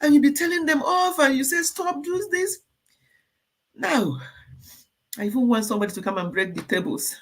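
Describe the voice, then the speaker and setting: An older woman talks straight to her live stream viewers, calling out commenters by name. Her speech is heartfelt and emotional, with pauses and restarts as she gathers her thoughts. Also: sits high, sing-song. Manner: emotional, tearful at times, talks directly to commenters. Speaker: channel host.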